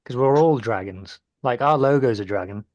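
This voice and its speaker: A man co-hosting a podcast, playful and quick with quips in casual chat. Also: medium pitch, darkish tone, no echo, dull audio. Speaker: podcast co-host.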